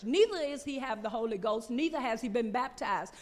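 A woman stands up in church to give her testimony, earnest and emotional, her words halting as she searches for them. Her voice rings with the long reverb of the church hall. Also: on the high side, lively intonation. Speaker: church member giving testimony.

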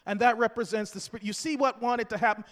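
A man preaching a sermon with passion, swinging from hushed, low-key lines to loud, shouted declarations. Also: fairly even intonation, fast. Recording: long hall reverb.

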